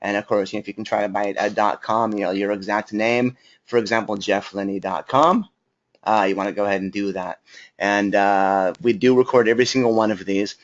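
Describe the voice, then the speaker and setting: A man's voice: on the low side, steady tone, a little fast. A man hosting a live online class, casual and chatty, greeting viewers with lots of fillers. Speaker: webinar host. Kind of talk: casual live webinar talk. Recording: slightly dull lo-fi audio.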